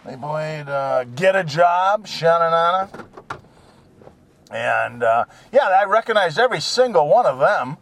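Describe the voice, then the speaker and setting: A man delivers a rambling, profane rant, swearing freely and mocking other people in put-on voices. His fairly high, creaky, fairly bright voice swings all over the place with lively intonation, though his pace stays measured. Vehicle sounds can be heard behind him.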